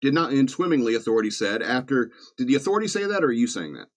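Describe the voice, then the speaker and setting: At a very fast, sing-song pace, a medium-pitched man hosts his podcast from Virginia. He runs through news items while tossing in chuckling, sarcastic jokes in a laid-back, funny way.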